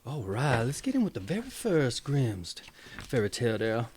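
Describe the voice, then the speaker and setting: A man's voice: medium pitch, wildly swooping pitch, moderate pace, over music. A man with a Southern accent reading a fairy tale aloud in a playful, goofy style, with chatty asides. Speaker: storyteller.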